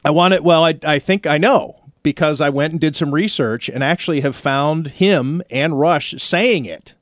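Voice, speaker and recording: A man's voice: a little high, moderate pace, no echo. Dry-voiced chatty male radio host. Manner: chatty storyteller, playfully indignant. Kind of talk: casual studio banter.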